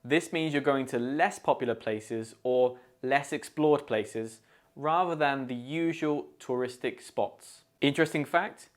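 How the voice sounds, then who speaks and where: In this scripted idiom lesson, a male English teacher with a British accent models the pronunciation of each phrase and explains it clearly. His delivery is medium in pitch, careful and centred on pronunciation.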